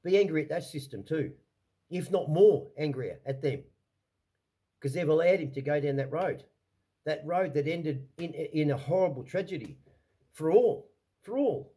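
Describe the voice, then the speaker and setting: A man's voice: a little high, normal speed, warm tone, husky. An Australian man delivering an angry, heated vlog rant to camera, swearing often and repeating himself as he restarts his sentences. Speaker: vlogger. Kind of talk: angry ranting monologue.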